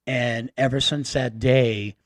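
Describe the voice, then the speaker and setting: A man from Massachusetts, a radio guest, telling a personal story in an earnest, halting way with many fillers. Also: medium pitch, steady tone, no room sound. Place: radio studio.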